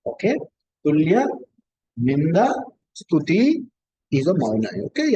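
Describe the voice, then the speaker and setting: A man with a notably high voice leads a scripture talk. He explains patiently, circling back to repeat his key points. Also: huge pitch swings, a little slow, pauses often, dark tone, a little hiss or hum, rough recording. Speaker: spiritual teacher. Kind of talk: scripture discourse.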